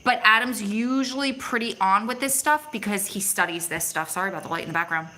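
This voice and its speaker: A woman's voice: mid-range voice, brisk, sharp tone, low-quality recording. A middle-aged woman hosting a casual livestream outdoors on her phone, chatty and reading out viewers' comments as she answers them. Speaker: vlog host reading live chat. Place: outdoors in the city at evening.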